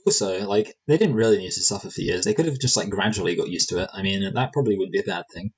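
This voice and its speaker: A man with a low, husky voice talks through a film in a relaxed podcast chat. He wanders off on tangents, cracks dry jokes and restarts his sentences often. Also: quick pace, rough recording. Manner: rambling, joking, many fillers and restarts. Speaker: movie review podcast co-host. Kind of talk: casual conversational review.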